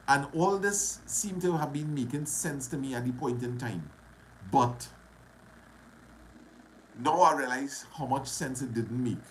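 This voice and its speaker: Trinidadian man, casual vlog storyteller, dramatic repetition, mid-pitched voice. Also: slight background noise. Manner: animated, dramatic retelling with repetition and dialect.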